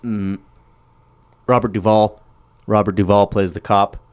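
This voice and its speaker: A man casually chatting on a podcast, telling a film's plot with lively acted-out lines. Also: fairly low pitch, a little slow, clean tone, dry recording. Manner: animated storytelling, acting out film scenes in raised voices. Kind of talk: casual chat.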